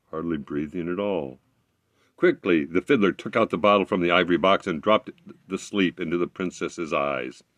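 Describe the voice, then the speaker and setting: A man with a low voice reading a fairy tale aloud, his pitch rising and falling with lots of life. He stumbles now and then and corrects himself, recorded close with a dry, deadened sound. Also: dry recording. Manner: expressive reading with slips and self-corrections. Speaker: storyteller.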